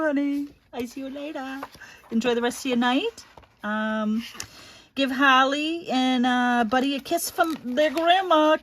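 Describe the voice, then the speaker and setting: A middle-aged woman hosting a crafting livestream, chatting casually and fondly, calling viewers honey and rambling with many fillers. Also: high voice.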